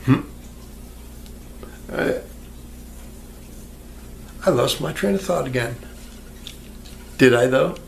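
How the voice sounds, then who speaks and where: Speaking slowly with vocal fry and long pauses, this man has a mid-range voice with lively intonation. He's a YouTuber at home by a fish tank, chatting to the viewer in a crude vlog that pokes fun at himself. The camera mic adds a slight hiss or hum.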